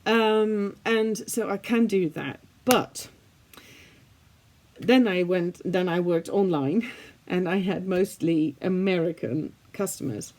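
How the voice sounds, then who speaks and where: Slow and a little mellow, her fairly low voice comes with a little hiss or hum in the recording. She's a native Dutch-speaking art vlogger from the Netherlands chatting to camera in English, faintly British-leaning in accent, chatty, self-deprecating and heavy on fillers.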